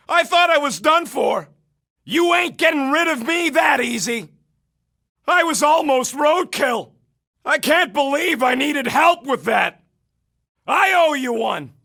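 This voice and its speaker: An actor playing a gruff, wisecracking male raccoon gunner in a video game, yelling brash, sarcastic combat callouts. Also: very high-pitched, lively intonation, slow, exaggerated voice. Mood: cocky banter.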